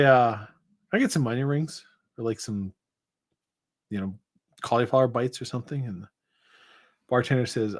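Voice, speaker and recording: A man co-hosting a casual live show, telling a long joke with many fillers and restarts. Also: medium pitch. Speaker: co-host. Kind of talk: casual chat.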